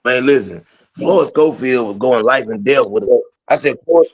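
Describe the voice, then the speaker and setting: A man's voice: medium pitch, normal speed, creaky, breathy edge. Blunt, slangy male boxing pundit. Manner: blunt, slangy trash talk. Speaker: co-host. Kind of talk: casual boxing talk show.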